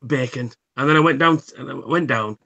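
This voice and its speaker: A man's voice: fairly high pitch, fast talker, vocal fry, pushed and bright, lo-fi sound. A man hosting a casual livestream, telling rambling anecdotes full of swearing and false starts. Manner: rambling storyteller, swears freely, many restarts. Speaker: livestream host. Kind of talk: casual chat.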